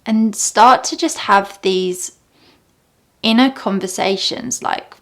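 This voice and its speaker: A young woman talking casually and reflectively about meditation, often dropping to soft near-whispers. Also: medium pitch, slow pace. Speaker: meditation teacher.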